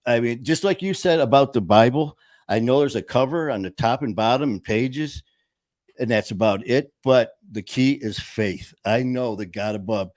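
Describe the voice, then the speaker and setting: A man's voice: mid-range voice, normal speed, darkish tone, dry recording. A man with a Boston accent, hosting and telling his own story in an emphatic, plain-spoken way. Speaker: podcast host. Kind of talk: casual storytelling interview.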